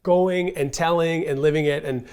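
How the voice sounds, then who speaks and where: A man's voice: on the high side, steady tone, normal speed, darkish tone, smooth. A Canadian man, a pastor and teacher, sharing thoughts in a casual church discussion, often ending with "right?".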